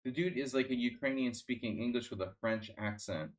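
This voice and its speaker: Brisk and medium-pitched, this man chats casually on a chess stream. He rambles with a sardonic edge, constantly restarting sentences and using fillers.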